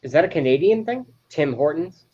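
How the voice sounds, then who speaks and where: A man's voice: on the high side, lively intonation, brisk, warm tone, breathy edge, dull audio. A man chatting as a guest on a live stream over a video call, rambling through a story with stammered restarts. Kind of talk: casual chat.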